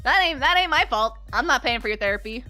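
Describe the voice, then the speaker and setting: A young woman streamer chatting casually with her viewers, animated and playful, swearing freely and laughing often. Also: on the high side. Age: young adult. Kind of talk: casual livestream chat.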